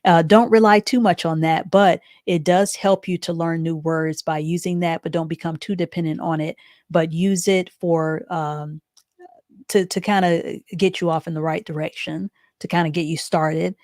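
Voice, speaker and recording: A woman teaches a live online reading class, spelling words out letter by letter and answering viewers with patient encouragement. Her voice is on the low side, steady and a little mellow, at a moderate pace. The studio sound is clean, with no room sound.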